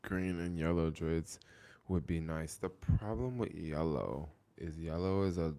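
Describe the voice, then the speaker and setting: Young male streamer, low and gravelly, loose rambling delivery, answers chat as he talks. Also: a little slow, dark tone. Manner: rambling, heavy use of "like", reads and answers viewer comments. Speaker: live streamer. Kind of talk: casual live stream chat.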